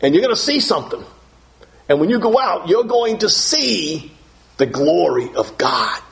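A man's voice: high-pitched, sing-song, moderate pace, gravelly, exaggerated voice. A man preaching voices a patient deity who reassures and then gives instructions. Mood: reassuring. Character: patient, provident male deity giving orders.

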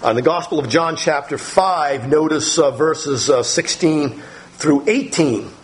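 A middle-aged man preaches a sermon, walking his listeners through scripture. His voice sits a little high, and his delivery is slow and deliberate, full of pauses and small fillers. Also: a little hiss or hum, poor audio. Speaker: pastor.

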